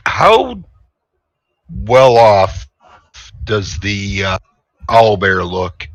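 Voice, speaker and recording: A man's voice: fairly low pitch, very animated, very slow. A man playing in a tabletop game, joking and playful. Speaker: player.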